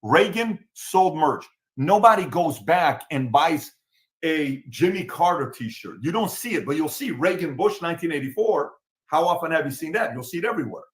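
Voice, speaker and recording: Expressive and fairly high-pitched, a male talk show host speaks at a moderate pace with a Middle Eastern accent. He's from the Middle East, and on his casual political program he drives his points home through emphatic repetition.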